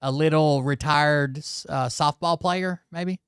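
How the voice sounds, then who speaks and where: A man's voice: fairly high pitch, unhurried, a bit bright, smooth, no room sound, studio quality. A man hosting, giving casual offhand reactions to videos, often muttering and trailing off. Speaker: host.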